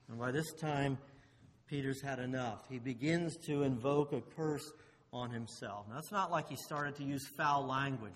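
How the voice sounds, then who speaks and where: A man preaching a sermon, swinging between loud emphasis and hushed low phrases, and asking the listeners rhetorical questions. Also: expressive, a little slow. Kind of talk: expository sermon. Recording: long hall reverb.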